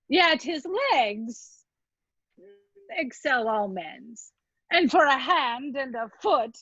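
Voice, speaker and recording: A woman acting an old, weary nurse with aching bones in an amateur Shakespeare reading, groaning and teasing in a slow, drawn-out way over a video call. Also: fairly high pitch, fairly bright tone, no room sound, full character voice. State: acts out of breath. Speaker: actor in an online Shakespeare reading. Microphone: video call microphone. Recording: dull lo-fi video call audio.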